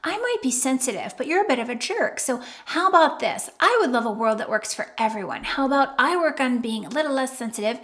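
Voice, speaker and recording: A woman's voice: high-pitched, animated, brisk, hardly any pauses, a bit bright. An older woman hosting an advice video, talking bluntly and playfully straight to the viewer. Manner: blunt, playful, acts out quoted lines. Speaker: YouTube advice host. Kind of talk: casual direct-to-camera advice.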